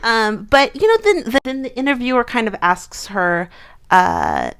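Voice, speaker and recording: A woman's voice: fairly high pitch, huge pitch swings, unhurried, fairly bright tone, clean tone. Chatty young woman rambling with fillers. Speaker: co-host of a fan channel. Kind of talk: casual chat.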